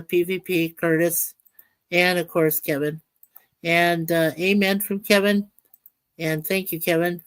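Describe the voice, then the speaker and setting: A woman's voice: fairly low pitch, clear, resonant tone. Earnest woman hosting a livestream. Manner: earnest, heartfelt, reads out viewer comments. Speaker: livestream host. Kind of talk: casual livestream chat.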